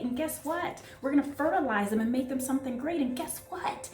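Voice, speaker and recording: A woman's voice: a little high, brisk, few pauses, echoey room, soft background music. Gushing woman reading tarot. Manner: excitable, gushing, breathless asides. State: out of breath. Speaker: tarot reader.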